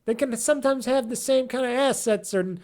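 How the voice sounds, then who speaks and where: A man's voice: very high voice, a little fast, a little mellow. A man hosting a gaming podcast alone, chatting casually and rambling with lots of ums and curse words as he searches for names. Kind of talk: casual solo podcast chat.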